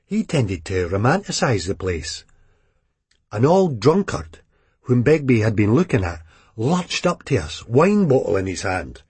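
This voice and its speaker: A man with a Scottish accent narrating a novel in a blunt, deadpan way. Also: lowish voice, normal speed, husky, dry recording. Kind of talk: audiobook narration.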